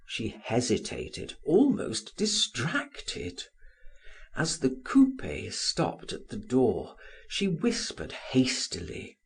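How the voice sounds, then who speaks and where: A man narrates a classic novel for an audiobook. His delivery is slow and unhurried, the tone airy and breathy, and his pitch rises and falls dramatically across each line. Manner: slow, very expressive reading, voicing the dialogue.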